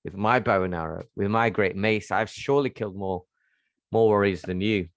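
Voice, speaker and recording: A man voicing a mighty male warrior with a mace who insists he has killed more enemies, in a low voice. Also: normal speed, no room sound, clean studio sound, lightly acted. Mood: insistent.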